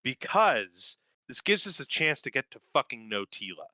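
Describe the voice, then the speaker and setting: A man's voice: mid-range voice, very animated, normal speed, pushed and bright, no echo, poor audio. A man in casual podcast chat, recapping a cartoon in a profane, rambling, enthusiastic way. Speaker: podcast co-host.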